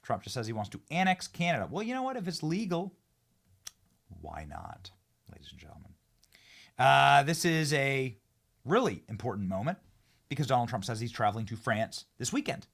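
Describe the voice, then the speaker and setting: A man hosting a political commentary show, talking excitably with sarcastic asides. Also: moderate pace, creaky, long pauses. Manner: excitable, sarcastic, swings between loud outbursts and low asides.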